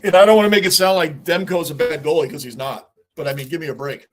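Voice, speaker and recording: A man's voice: fairly high pitch, fast talker. A middle-aged man, hosting a casual livestream, talking on and answering chat, often repeating himself. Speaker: livestream host.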